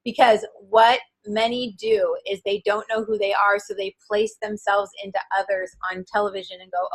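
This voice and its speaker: A woman in her forties, a guest and author, chatting in an interview in an animated, enthusiastic way with lots of filler words. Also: medium pitch, moderate pace, few pauses, poor audio. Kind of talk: casual interview chat.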